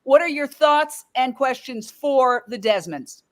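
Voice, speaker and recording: A woman host with a high voice runs a live charity stream. She talks in an effusive, thankful way and gets openly emotional. She sounds middle-aged. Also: animated, a little slow.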